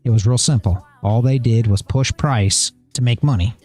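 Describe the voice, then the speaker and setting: A man's voice: mid-range voice, moderate pace, a little mellow, soft background music. A middle-aged man hosting a trading livestream, talking casually in a blunt, rambling way, repeating himself and swearing.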